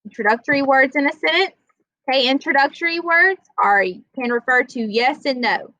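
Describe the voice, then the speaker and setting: A woman teaching a classroom grammar lesson, plainly explaining rules and slowly reading out example sentences. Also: high voice, sharp tone, no room sound, highs cut off.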